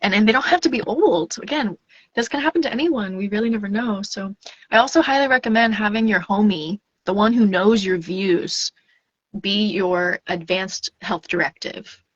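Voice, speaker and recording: A woman talks earnestly and reflectively about spiritual things in a relaxed podcast chat. The sound is dry and a little dull. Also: mid-range voice, normal speed, no echo. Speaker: death doula guest. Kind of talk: casual podcast conversation.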